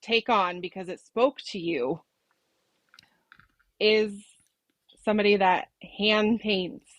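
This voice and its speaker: A woman's voice: medium pitch, slow, dry recording, lo-fi sound. Rambling woman podcast host, dry sound. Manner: rambling, layered questions with many fillers. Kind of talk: interview questions.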